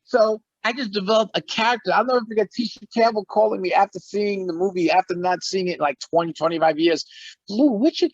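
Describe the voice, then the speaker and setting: A middle-aged man, a musician and actor, telling stories as a guest in a casual interview, animated and often laughing. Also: sits high, quick pace, few pauses, dry recording, lo-fi sound.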